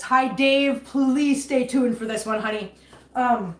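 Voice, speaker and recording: A woman's voice: a little high, takes it slowly. Upset woman chatting in an echoey kitchen. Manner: chatty, emphatic, repeats herself when upset. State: upset, holding back tears. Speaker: cat channel livestream host. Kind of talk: casual livestream chat while cleaning. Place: home kitchen.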